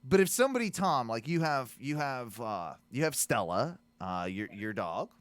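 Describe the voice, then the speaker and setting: A man's voice: medium pitch, sing-song, moderate pace. A man co-hosting a podcast in casual, profane chat, laughing often and telling loose stories. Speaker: podcast co-host.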